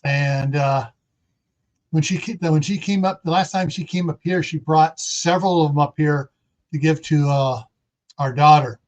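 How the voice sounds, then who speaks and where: A man's voice: fairly high pitch, fairly even intonation, normal speed. A man hosting a casual livestream, chatting in a rambling, folksy way. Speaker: livestream host. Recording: dull lo-fi stream audio.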